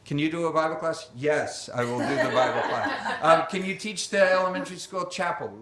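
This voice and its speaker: A man's voice: fairly high pitch, fairly quick, over a noisy crowd. A man preaching a conversational sermon, chatty and self-deprecating, acting out quoted voices along the way. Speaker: pastor. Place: church sanctuary. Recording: roomy church sanctuary echo.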